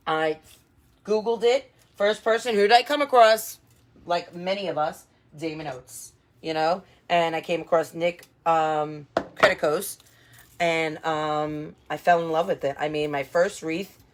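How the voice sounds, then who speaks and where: A woman's voice: low-pitched, measured pace. A woman who designs wreaths, hosting a chatty live craft tutorial and greeting her viewers by name. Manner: chatty and upbeat, many fillers and asides to viewers.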